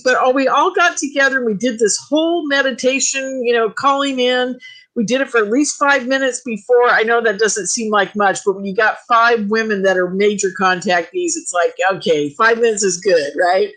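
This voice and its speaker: A woman on a talk radio show, telling her experiences in an animated, emphatic, excitable way. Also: on the high side, rough recording. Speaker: UFO contactee guest. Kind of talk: casual talk radio chat.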